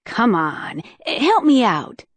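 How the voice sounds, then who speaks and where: A woman's voice: a little high, big pitch swings, slow pace, no room sound, studio quality, exaggerated voice. A woman voicing an awkward, smitten teenage boy in an audiobook, eager and fumbling.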